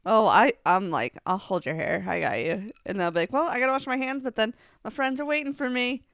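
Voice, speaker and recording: A woman's voice: a little high, fairly bright tone, no echo. A woman in her twenties co-hosting a podcast, chatting eagerly and often chiming in with agreement. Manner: enthusiastic, agreeable, quick back-channel replies. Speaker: podcast co-host. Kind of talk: casual chat.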